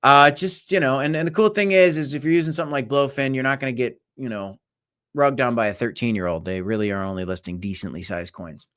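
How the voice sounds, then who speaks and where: A young man hosting a casual crypto livestream, talking in a rambling, animated way that swings between loud and quiet. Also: mid-range voice, fast. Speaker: crypto show host. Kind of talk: casual livestream market chat.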